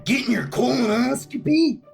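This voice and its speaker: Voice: mid-range voice, normal speed, creaky, faint music behind. A tabletop game player teasing the others in casual banter. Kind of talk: casual in-character play.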